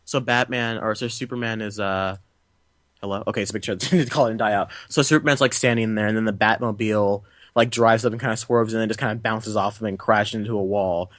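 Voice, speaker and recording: A man's voice: on the low side, steady tone, brisk, a bit bright, no room sound. Sarcastic British man, dry sound. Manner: sarcastic, joking. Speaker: podcast guest. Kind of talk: casual film chat.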